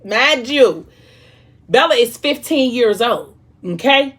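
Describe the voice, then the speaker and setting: A woman's voice: a little high, a little slow, slightly rough. A young woman vlogger casually retelling a book's plot, acting out the characters' lines with lots of slang and drama. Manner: animated, dramatic retelling with quoted dialogue and slang. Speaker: mukbang vlogger retelling a book. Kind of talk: casual storytelling chat.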